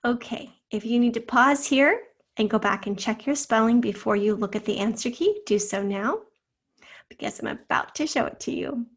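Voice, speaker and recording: A woman teacher dictating a spelling test and going over the answers syllable by syllable, slowly and carefully. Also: a little high. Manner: slow, careful word-by-word dictation. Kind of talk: spelling lesson for children.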